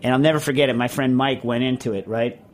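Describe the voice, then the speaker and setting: A man from Connecticut hosting a podcast, reading listener questions in a rambling, excitable way. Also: medium pitch, quick pace, a little hiss or hum. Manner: rambling, excitable, tells stories with put-on voices. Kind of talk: casual chat.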